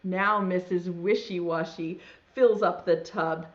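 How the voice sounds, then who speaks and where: A woman's voice: on the low side, unhurried. A woman teaching preschool online, reading a storybook aloud in a sing-song voice and talking straight to young children. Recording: dull lo-fi sound.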